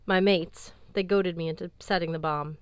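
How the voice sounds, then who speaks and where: A woman's voice: lowish voice, steady tone, moderate pace, clear, resonant tone, no room sound, natural voice. A woman reading an audiobook, voicing a fierce, bitter young woman warrior in a brusque, sardonic tone. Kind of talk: audiobook character voice.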